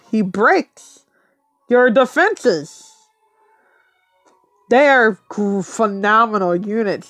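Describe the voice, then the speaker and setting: A woman's voice: on the high side, no echo. A woman thinking aloud as she plays a mobile game, muttering to herself and laughing often in casual commentary.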